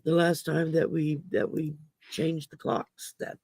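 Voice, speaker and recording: A woman hosting a casual livestream chat, her voice growly from damaged vocal cords, rambling and halting with many fillers. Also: low-pitched, flat delivery, creaky, a little mellow, husky, no room sound. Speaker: host.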